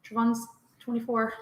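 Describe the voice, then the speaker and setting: A woman's voice: on the high side, flat delivery, slow, a little mellow. A middle-aged woman hosting a casual home vlog, chatting with viewers and laughing often. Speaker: vlogger host. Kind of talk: casual live chat with viewers. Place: indoors at home. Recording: roomy echo.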